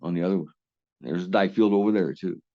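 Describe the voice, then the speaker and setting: A man voicing a calm, blunt male deckhand who speaks low and matter-of-fact in a story. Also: fast talker, vocal fry, no echo, muffled recording. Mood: questioning.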